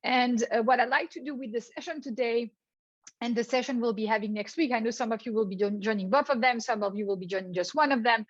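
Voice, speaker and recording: A woman's voice: a little high, quick pace, dry recording, highs cut off. A middle-aged woman with a French accent giving an online workshop lecture, earnest, often repeating small words as she starts a thought. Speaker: guest speaker, professor.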